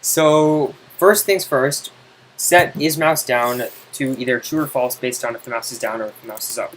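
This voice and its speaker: A man tutoring someone in code, impatient and teasing, explaining in quick exasperated bursts. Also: medium pitch, fairly bright tone, slight background noise, rough recording. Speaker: coding tutor. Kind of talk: casual screen-side coding help.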